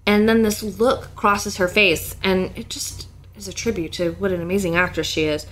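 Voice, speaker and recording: A woman co-hosting a podcast in an easygoing, excitable way, swearing now and then and joking with her co-host. Her pitch is average for a woman. A faint hiss of noise sits under her voice. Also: moderate pace. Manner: enthusiastic, jokey, swears casually. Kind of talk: casual TV recap chat.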